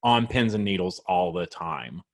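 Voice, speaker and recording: Friendly low-voiced male interview host. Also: expressive, unhurried. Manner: friendly, encouraging, chatty. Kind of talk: casual interview chat.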